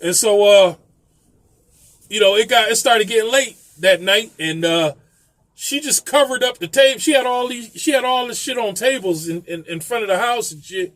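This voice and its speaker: High-voiced man telling a laughing story. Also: moderate pace, a bit bright, no room sound. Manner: profane, laughs often through the story. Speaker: vlogger telling a landlord story. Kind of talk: casual storytelling.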